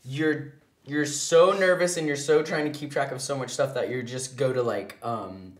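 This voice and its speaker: Laughing animated guest in an echoey room. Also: medium pitch, normal speed. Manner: laughs often, animated storytelling. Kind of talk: casual chat, reacting to a show.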